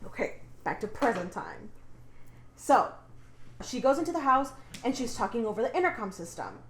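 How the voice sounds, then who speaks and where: A woman's voice: on the high side, very animated, moderate pace, reverberant. A woman co-hosting a podcast, casually retelling a story in a rambling way, with lots of fillers and swearing. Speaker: podcast co-host. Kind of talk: casual chat retelling a book plot.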